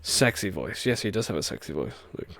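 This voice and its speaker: A man's voice: low-pitched, sing-song, fairly quick, vocal fry, fairly bright tone, no room sound. A man streaming a racing game live, rambling chattily and laughing often at his own jokes. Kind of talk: live gameplay chat. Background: game music.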